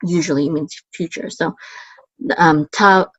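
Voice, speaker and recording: This Hebrew grammar lesson comes from a woman with a low, steady voice and a breathy edge, teaching patiently step by step with fillers and frequent "okay?" check-ins. The recording is muffled, with no echo.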